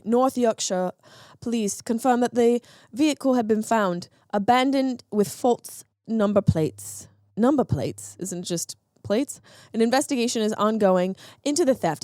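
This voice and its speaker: A woman's voice: on the high side, a little mellow, dry recording, studio quality. Sarcastic woman podcast host. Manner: sarcastic, riffing on news with mock quotes. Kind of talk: comedic solo podcast monologue.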